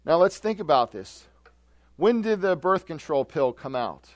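A male pastor delivering a sermon in a chatty, questioning style. His voice sits a bit high for a man and he keeps tossing rhetorical questions at the congregation. The sound is dry and close. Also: sing-song, measured pace, dry recording. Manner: conversational, asks rhetorical questions with tag "right?".

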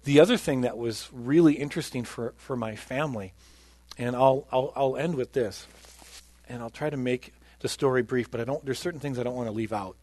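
A male preacher with a mid-range voice talks fairly quickly through his personal testimony during a sermon. Earnest in tone, he swings between loudness and quiet, and the recording is dry.

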